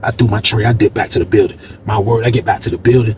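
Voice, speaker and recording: A man telling a story from prison life in a casual, animated way, acting out what people said with sudden jumps in voice. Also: quick pace, background noise. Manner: animated, acts out quotes with big pitch jumps.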